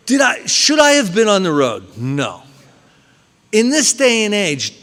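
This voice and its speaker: A man speaking at a recovery meeting, telling his story with lively, acted-out scenes. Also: fairly high pitch. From New Jersey. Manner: animated storyteller, acts out scenes loudly. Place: meeting hall. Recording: long hall reverb.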